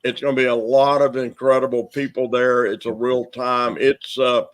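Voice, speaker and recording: Folksy Southern minister hosting. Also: male voice, medium pitch, flat delivery, moderate pace. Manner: folksy, joking, announcing. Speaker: minister and host. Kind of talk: casual chat.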